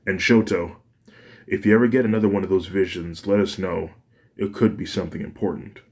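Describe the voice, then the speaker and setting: A man voicing a caring young woman, a gentle older sister, in a fan story. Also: low voice, fairly even intonation, brisk. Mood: reassuring. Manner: gentle and reassuring.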